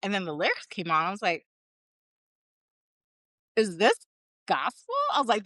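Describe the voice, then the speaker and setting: A woman co-hosting a podcast in casual chat, telling stories in an animated way and acting out her own past lines. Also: mid-range voice, fairly quick, pauses often, no room sound, studio quality. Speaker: podcast co-host.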